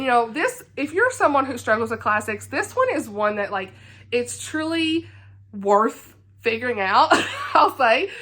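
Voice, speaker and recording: Bright, chatty Southern woman. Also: medium pitch. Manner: animated, laughing, chatty. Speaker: book vlogger. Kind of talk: casual chat.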